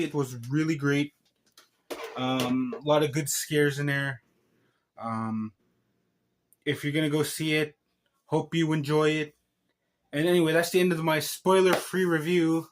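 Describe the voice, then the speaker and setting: A man with a slightly high voice hosts a channel and rambles casually through a film review, stopping himself with joking asides and fresh starts. There's a little hiss or hum in the audio.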